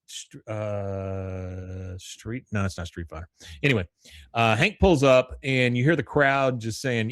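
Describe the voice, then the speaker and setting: A man's voice: on the low side, unhurried, fairly bright tone, no echo, studio quality. A man hosting a podcast, casually recapping an episode in a rambling way and acting out lines as he goes. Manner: rambling storyteller, acts out the lines. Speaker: podcast host.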